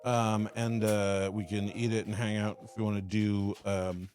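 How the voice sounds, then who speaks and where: A man chatting casually off to the side of a livestream, relaxed and joking. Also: lowish voice, measured pace, slight background noise. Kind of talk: casual chat.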